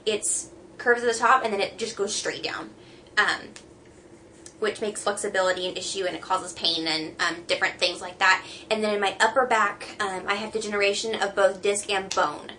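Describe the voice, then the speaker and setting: A young woman talks casually to camera, slightly out of breath and halting, with many pauses and fillers. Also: medium pitch, steady tone, sharp tone, slight background noise. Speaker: vlogger.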